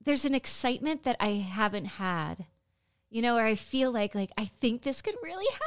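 A woman's voice: fairly high pitch, expressive, moderate pace, noisy background. A woman co-hosting a podcast, talking in an indignant, conversational way during casual chat. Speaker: podcast co-host.

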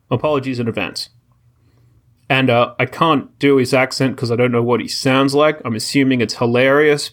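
A man's voice: medium pitch, a bit bright. A man co-hosting a podcast, chatting casually with dry, teasing humor and frequent restarts. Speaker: podcast co-host. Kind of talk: casual chat.

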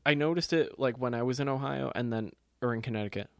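A man's voice: medium pitch, quick pace, creaky, no echo, clean studio sound. A man co-hosting a podcast, riffing in a rambling, profane, jokey casual chat. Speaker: podcast co-host.

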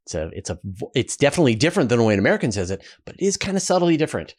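A man with a Canadian accent hosting a relaxed question-and-answer show, talking casually with fillers and restarts. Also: medium pitch, rapid-fire. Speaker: host. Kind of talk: casual Q&A talk.

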